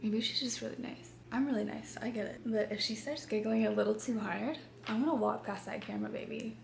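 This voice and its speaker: A woman vlogger chatting through a story for her viewers, lively and talkative. Her voice has a gravelly fry to it. It sounds recorded in an echoey room at home, with a faint hiss behind. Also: a little high, brisk. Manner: animated, chatty, addresses viewers as you guys.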